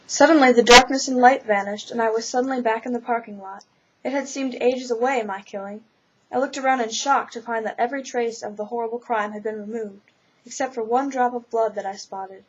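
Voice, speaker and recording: A woman reading her own first-person ghost story in an earnest, steady amateur style, on a slightly dull lo-fi recording. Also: fairly high pitch, fairly quick, breathy edge. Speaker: narrator.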